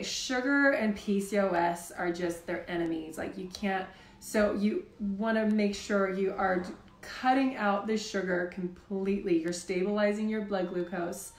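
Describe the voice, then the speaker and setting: A woman's voice: medium pitch, roomy sound. A woman hosting a live health Q&A, talking in a casual, chatty way with lots of "like". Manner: chatty, says "like" often. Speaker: health show host.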